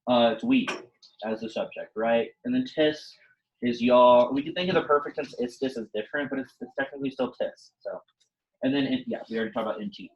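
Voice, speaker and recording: Young male teacher, casual and chatty, mid-pitched, loose classroom talk. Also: a little fast, dull audio. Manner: relaxed, chatty, many fillers. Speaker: Latin teacher.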